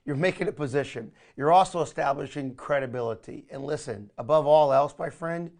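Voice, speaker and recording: A man leading a recorded training session, talking in an energetic, coaching way and often calling listeners "my friend". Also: fairly high pitch, brisk. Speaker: online marketing trainer.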